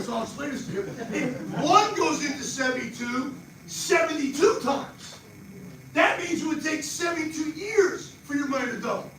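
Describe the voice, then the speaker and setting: An older man with a New Jersey accent gives a live money seminar. He talks fast and animated and quizzes people in the audience. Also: very high-pitched. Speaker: financial speaker. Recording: echoey far-off room mic with noise.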